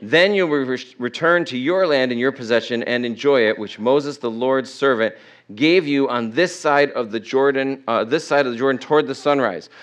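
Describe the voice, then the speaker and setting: This is a sermon in church from a middle-aged pastor with a medium, slightly bright voice and a moderate pace. Scripture is read aloud with occasional self-corrections, and he questions the congregation.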